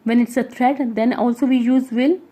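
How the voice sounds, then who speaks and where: A woman's voice: fairly high pitch, fairly even intonation, normal speed, dark tone. A woman with an Indian English accent, teaching an English grammar lesson as she works through exercises aloud and explains each answer step by step. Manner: explains step by step, with frequent checking asides.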